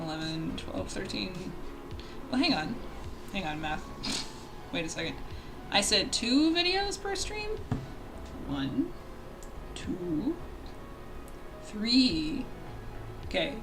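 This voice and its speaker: A woman streaming her live learning session, chatting casually, excitable and thinking aloud. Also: fairly high pitch.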